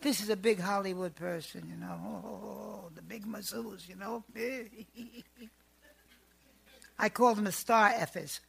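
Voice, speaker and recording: Gravelly, bright-voiced woman telling stories. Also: medium pitch, normal speed. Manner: chatty, animated, emphatic. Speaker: psychic. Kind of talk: storytelling monologue.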